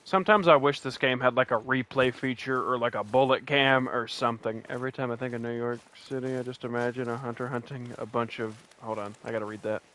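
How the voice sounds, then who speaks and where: A West Virginian man with a matching accent streams a hunting game, giving rambling, joking commentary full of restarts. His medium-pitched voice is pushed and bright, fairly even in intonation, and he talks quickly with hardly any pauses.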